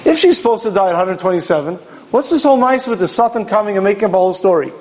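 A man with a notably high voice delivers a Torah sermon as a rabbi. He tells it as a story, poses rhetorical questions and slips into the characters' lines as he goes. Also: expressive, very fast, a little mellow, low-quality recording.

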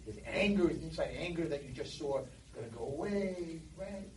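A man playing a patient, doting father who calmly reassures a worried onlooker. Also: on the high side, fairly quick, slight background noise, lightly acted. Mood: calmly reassuring. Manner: calm, reassuring. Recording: echoey hall from far off.

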